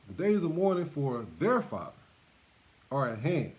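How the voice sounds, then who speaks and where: Guy teaching bible verses, sermon style, repeats himself a lot, animated voice. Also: fairly high pitch, measured pace, pauses often. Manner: repetitive, emphatic, laughs between points.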